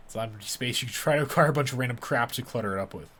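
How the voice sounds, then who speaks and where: A man's voice: mid-range voice, very fast, a bit bright, slight background noise. A man doing casual game commentary, reading the on-screen text aloud with a joking manner. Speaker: gamer.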